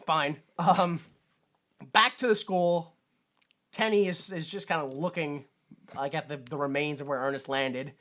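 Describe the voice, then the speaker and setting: A man's voice: fairly high pitch, steady tone, unhurried, fairly bright tone. A man co-hosting a podcast, recapping a film in casual chat, acting out the characters in funny voices and laughing often. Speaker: podcast co-host.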